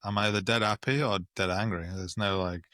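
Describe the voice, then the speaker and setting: A man with a fairly low voice and a bright, forceful tone, recorded dry. He talks hesitantly in relaxed podcast chat, leaning on fillers. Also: brisk, dry recording. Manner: hesitant, filler-heavy talker. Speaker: podcast co-host. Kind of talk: casual chat.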